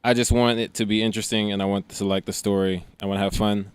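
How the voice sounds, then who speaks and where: Laid-back man, smooth low voice. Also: little pitch movement, quick pace, no echo. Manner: laid-back, laughs easily. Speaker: podcast co-host. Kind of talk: casual chat.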